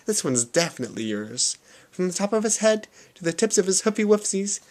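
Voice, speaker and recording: A flustered nun who chatters nervously and can't stop making small talk, voiced by a man reading aloud. The voice sits well above his own and swoops about in a lively way as she babbles on. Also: high voice, brisk, voice pushed up.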